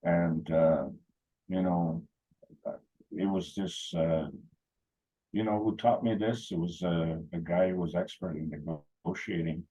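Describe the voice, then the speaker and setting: Low husky man, rambling anecdotes. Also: steady tone, takes it slowly, mellow, dull audio. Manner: rambling, anecdotal, with frequent fillers and restarts. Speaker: meeting speaker. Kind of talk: casual talk.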